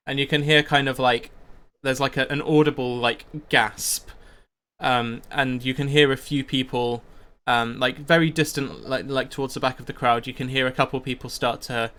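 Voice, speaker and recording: A man's voice: mid-range voice, fairly even intonation, moderate pace, fairly bright tone, clean tone. A man narrating a tabletop role-playing game as game master, describing each scene in detail.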